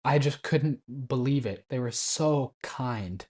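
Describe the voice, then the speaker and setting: A man's voice: mid-range voice, slow pace, darkish tone. A man in his twenties casually telling a travel story, chatty and laughing often, acting out bits of quoted Japanese. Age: 20s. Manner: acts out quoted Japanese phrases.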